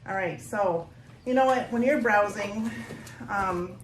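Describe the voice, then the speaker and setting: A woman working as a youth librarian, giving a chatty, animated book talk for children from a porch at home. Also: medium pitch, takes it slowly, slight background noise, rough recording.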